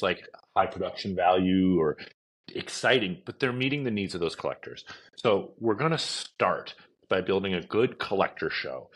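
A middle-aged man, a company executive, chatting casually in an interview, filling his stories with "like" and "you know" and acting out shouted quotes. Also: on the low side. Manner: chatty, many fillers, acts out shouted quotes. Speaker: events company CEO, podcast guest.

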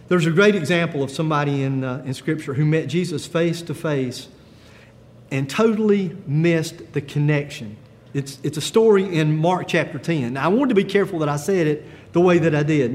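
A man pastor preaching a sermon in a gentle, conversational way, with frequent pauses and fillers. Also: a little high, big-room sound.

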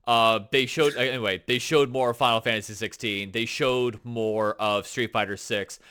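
A man co-hosting a casual podcast, talking in an excitable, animated, teasing way. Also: medium pitch, normal speed, smooth. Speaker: podcast co-host. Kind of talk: casual chat.

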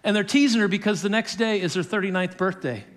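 High-voiced guy preaching, telling a story and doing the quotes with little chuckles. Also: fast talker. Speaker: pastor. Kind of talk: sermon.

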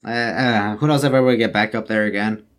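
A young man co-hosting a podcast, talking in a relaxed, halting way with many fillers. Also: on the low side. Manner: relaxed, halting, hesitant filler-heavy talk. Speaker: podcast co-host. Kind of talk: casual chat.

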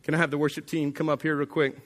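A man preaching a sermon as pastor, telling a story with animated delivery and acting out the voices of its people. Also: on the high side, quick pace.

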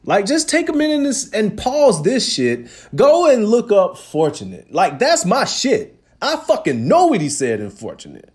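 Podcast host, man with a high voice that swings a lot, animated and profane. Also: moderate pace, hardly any pauses. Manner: animated, profane, emphatic storytelling. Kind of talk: casual monologue.

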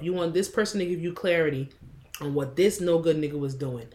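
A woman's voice: low-pitched, a little fast, a little mellow, a little hiss or hum. Blunt young woman podcast co-host. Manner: blunt, opinionated, reads posts aloud. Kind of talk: casual chat.

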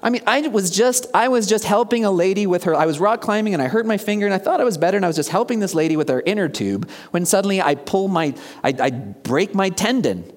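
A pastor of about 50 preaches a conversational sermon, questioning the congregation and dropping to a hushed near-whisper for emphasis. His high voice is expressive and fast with few pauses, and the recording carries the long reverb of a large hall.

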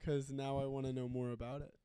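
A man's voice: medium pitch, level tone, quick pace, mellow, slight background noise. A man co-hosting a podcast, casually retelling a story in a jokey, giggly way. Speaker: podcast co-host. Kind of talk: casual chat.

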